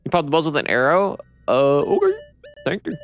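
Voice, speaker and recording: A man's voice: a little high, huge pitch swings, fairly quick, creaky, fairly bright tone, faint music behind. A man streaming a video game in casual chat, swearing freely and rambling with restarts, tired from poor sleep.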